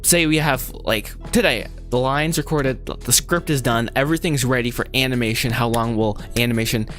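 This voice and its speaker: A man's voice: mid-range voice, brisk, fairly bright tone, faint music behind. Rambling, chuckling man streaming live. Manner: rambling, self-interrupting, laughs often. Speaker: animation filmmaker livestreaming his script writing. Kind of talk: casual livestream chat.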